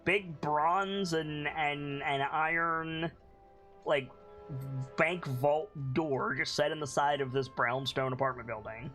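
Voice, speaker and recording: A game master narrates a tabletop game in a bright, clear voice, piling up fillers and restarts while describing the scene. Faint music plays underneath. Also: mid-range voice, slow pace. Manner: animated, rambling descriptions with fillers.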